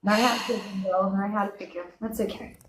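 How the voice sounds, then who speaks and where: A woman's voice: medium pitch, brisk. Aussie woman ranting through a story, swears a lot, does the voices, echoey room, bit of hiss. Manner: animated, swears freely, acts out both sides of quoted talk. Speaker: guest. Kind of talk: casual chat, storytelling. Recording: echoey room with faint noise.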